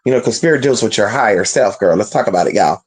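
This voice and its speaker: Lively storyteller vlogger with swooping pitch, swears freely, slangy, keeps addressing viewers. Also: quick pace, breathy edge. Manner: animated, profane, slangy, addresses viewers as "y'all". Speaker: spiritual vlogger.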